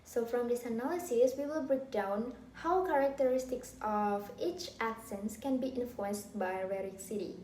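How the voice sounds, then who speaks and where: A young woman student presents her class essay in a formal, scripted reading. Her voice sits a little high. The room is echoey, with a faint hum of ambience behind her. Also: normal speed, few pauses, a little mellow.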